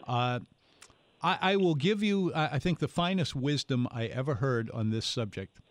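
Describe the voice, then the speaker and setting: Folksy New radio host. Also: male voice, mid-range voice, normal speed. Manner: folksy, rambling, tells anecdotes with put-on voices. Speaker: radio food show host. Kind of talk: call-in radio talk. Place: radio studio. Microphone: studio microphone.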